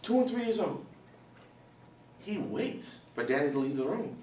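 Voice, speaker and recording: A man giving a live motivational talk to students, telling stories in an animated way, acting out voices and sometimes shouting. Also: fairly high pitch, measured pace. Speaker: motivational speaker. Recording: echoey hall from far off, faint noise.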